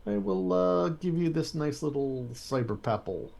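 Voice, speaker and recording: Brief: male tabletop player, animated pitch, rough husky tone, casual. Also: unhurried. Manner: casual, explains his game mechanics. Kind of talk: tabletop game play.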